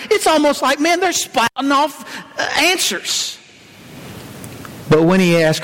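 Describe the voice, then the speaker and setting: A man preaches a sermon in a high voice, citing chapter and verse as he goes. He keeps turning to the congregation with rhetorical questions. His voice rings out with a long reverb, as in a large hall. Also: big pitch swings, a little slow, fairly bright tone, a little hiss or hum.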